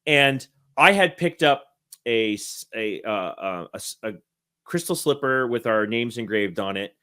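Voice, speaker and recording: Here a thirtyish man being interviewed tells a lengthy anecdote in a relaxed, meandering way, laughing and fixing his own words as he goes. His mid-range voice is smooth yet pushed and bright, expressive, and a little slow.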